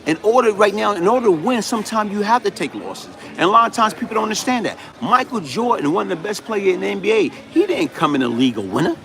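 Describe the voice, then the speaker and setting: High-voiced New man telling his story. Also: very animated, fast, few pauses, a bit bright. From New York City. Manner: emphatic street-slang storytelling, repeats "you know what I'm saying". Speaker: livestream host. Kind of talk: live-streamed personal storytelling.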